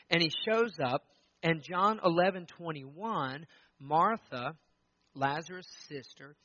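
A man's voice: fairly high pitch, bright, forceful tone, no echo, dull audio. A man in his thirties preaching a sermon, talking conversationally and acting out the quotes he tells. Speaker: pastor.

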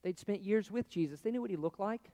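A man preaching a sermon in a conversational way, swinging between loud, pressing lines and hushed, quiet ones. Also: sits high, a little fast, big-room sound. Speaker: pastor.

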